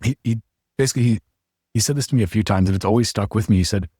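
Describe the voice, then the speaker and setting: Husky-voiced man hosting a casual podcast. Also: fairly low pitch, quick pace, no echo, studio quality. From United States. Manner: rambling, animated storytelling with many restarts. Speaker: podcast host. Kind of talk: casual conversation.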